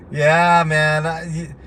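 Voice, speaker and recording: A man's voice: mid-range voice, a bit bright, a little hiss or hum. A man from hosting a livestream, chatting casually with many fillers while driving through the city. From Denver, Colorado. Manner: laid-back, rambling, many fillers. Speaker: livestream host.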